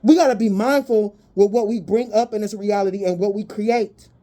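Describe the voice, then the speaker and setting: Blunt, mellow-voiced woman reading tarot. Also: medium pitch, normal speed. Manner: blunt, profane, animated. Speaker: tarot reader. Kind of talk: casual spoken tarot reading.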